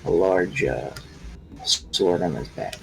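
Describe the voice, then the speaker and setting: Male player, slow and halting, describes scenes unhurriedly. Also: low-pitched, animated, vocal fry, soft background music, rough recording. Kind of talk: tabletop game play.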